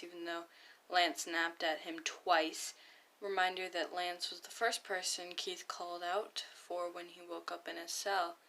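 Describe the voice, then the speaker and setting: A young woman reading fan comics aloud and chatting about them in an earnest, casual way. Her voice is bright and clear, set a little low. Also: rough recording. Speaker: fan comic dub reader.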